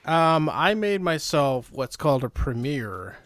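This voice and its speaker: A man's voice: a little high, big pitch swings, a bit bright, no room sound. A man co-hosting a podcast at home, cracking jokes and drawing out his lines. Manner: joking, drawn-out, silly asides. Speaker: podcast co-host. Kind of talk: casual chat.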